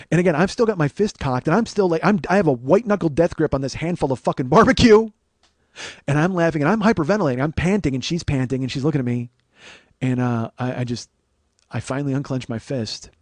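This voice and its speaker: A man in his forties hosting a podcast, telling a comic story with profanity and animated, yelled-out quotes. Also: fairly high pitch, no room sound. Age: 40s. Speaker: podcast host. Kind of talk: comedic storytelling monologue.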